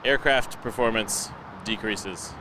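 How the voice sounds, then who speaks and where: A man's voice: fairly low pitch, slow. A man in his thirties hosting a live plane-spotting stream outdoors by an airport, chatting and telling family anecdotes. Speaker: livestream host. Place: outdoors near a busy airport. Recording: noisy outdoor livestream audio. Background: traffic and outdoor ambience.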